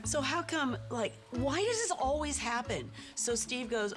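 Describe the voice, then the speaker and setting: A woman's voice: a little high, lively intonation, a little slow, over music. A woman hosting a casual chat, playful and amazed, asking questions. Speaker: host.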